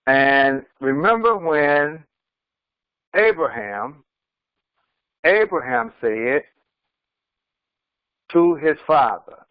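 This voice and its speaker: A man, an imam, giving a slow commentary on scripture, reciting verses and then translating them phrase by phrase. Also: fairly high pitch, lively intonation, dry recording, muffled recording. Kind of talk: Quran commentary lesson.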